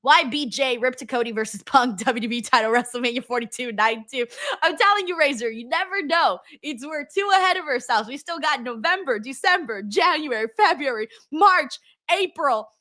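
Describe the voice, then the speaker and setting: A young woman hosting a casual livestream, chatting and reading viewer messages with lots of ums and excited bursts. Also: high-pitched, moderate pace. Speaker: wrestling livestream host. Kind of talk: casual livestream chat, reading super chats.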